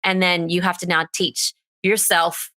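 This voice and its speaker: A woman's voice: fairly low pitch, little pitch movement, measured pace, sharp tone, no room sound. A woman speaking as a therapist guest in a podcast interview, earnest and openly talking through her grief, sometimes laughing through tears. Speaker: somatic therapist and coach, guest. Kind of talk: candid interview conversation.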